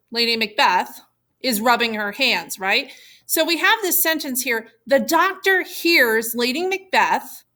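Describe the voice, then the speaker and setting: A woman teacher giving a recorded lesson, explaining clearly and patiently. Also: fairly high pitch, sharp tone.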